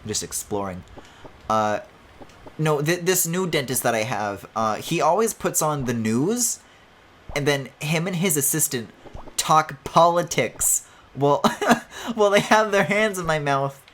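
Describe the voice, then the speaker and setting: A man's voice: a little high, animated, unhurried, a bit bright. A man streaming a video game, chatting casually as he plays, swearing and laughing often. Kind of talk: casual let's-play commentary.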